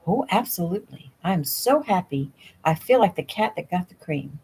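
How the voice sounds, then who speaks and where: A woman reading the lines of a tiny, gentle elderly grandmother, in a casual audiobook reading at home. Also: on the low side, animated, normal speed, breathy edge, full character voice, rough recording. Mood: cheerful. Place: home room.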